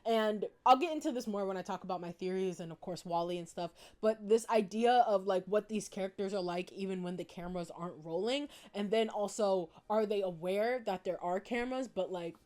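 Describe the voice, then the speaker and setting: A woman's voice: mid-range voice, brisk, few pauses, warm tone. Giggly woman talking fan theories. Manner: bubbly, giggly, lots of fillers. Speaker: video essayist. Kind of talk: casual fan commentary.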